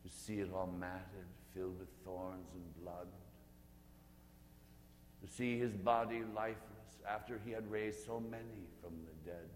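A man preaching a guided meditation sermon, telling the scene vividly, swelling to intensity and sinking to hushed whispers. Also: low-pitched, measured pace. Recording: echoey hall with faint hum.

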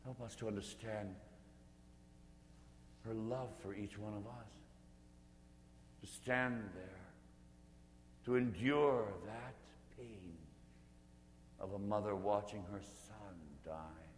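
Male preacher, meditative sermon, swells loud then drops to whispers; roomy echoey hall. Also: fairly low pitch, fairly even intonation, slow, pauses often. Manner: vivid, swelling to intensity, dropping to hushed whispers. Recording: echoey hall with faint hum.

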